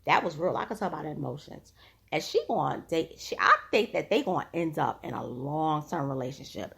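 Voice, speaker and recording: A woman's voice: low-pitched, lively intonation, moderate pace, gravelly, a bit bright, husky. A woman casually recapping a reality TV episode, retelling scenes through quoted lines and chatty personal asides.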